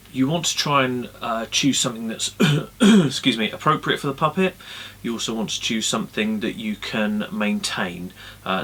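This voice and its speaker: Low-voiced man, casual tutorial host, friendly, um-heavy. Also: slight background noise. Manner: relaxed, friendly, lots of ums. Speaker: puppeteer giving tips. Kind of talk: casual instructional talk. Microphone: camera-mounted mic.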